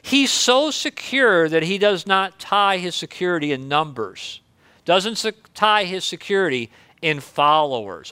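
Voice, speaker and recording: A male pastor with a high, bright voice preaches in an earnest, conversational tone. His voice is smooth and clear, and the recording is close and dry. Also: sing-song, measured pace, dry recording. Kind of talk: sermon.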